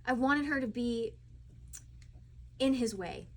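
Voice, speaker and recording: A young actress woman telling chatty, animated stories with fillers at a live cinema Q&A. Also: a little high, takes it slowly. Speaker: actress at a screening Q&A. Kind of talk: live Q&A storytelling. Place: cinema auditorium.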